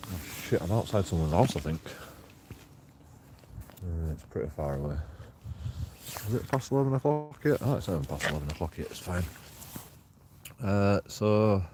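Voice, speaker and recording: A man's voice: deep voice, big pitch swings, normal speed, pauses often, noisy background. A man livestreaming while walking outdoors at night, rambling, swearing freely and laughing often. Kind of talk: rambling casual livestream chat.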